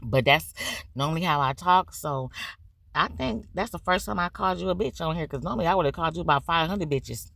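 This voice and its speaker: A woman's voice: sits low, a little fast, vocal fry, fairly bright tone, dry recording. A woman hosting a commentary channel, ranting bluntly and profanely about online drama, stretching words for emphasis.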